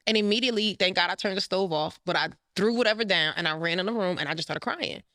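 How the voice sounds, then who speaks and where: A woman life coach telling her own story fast and candidly. Her voice is close and dry, with no room around it, and it often rises high when she gets emotional. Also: sharp tone, no echo. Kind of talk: candid personal interview.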